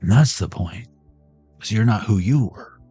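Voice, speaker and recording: A middle-aged man does a lighthearted card reading for viewers, cracking jokes and dropping pop-culture references. He sounds warm and husky at a fairly low pitch, animated but unhurried, over faint background music.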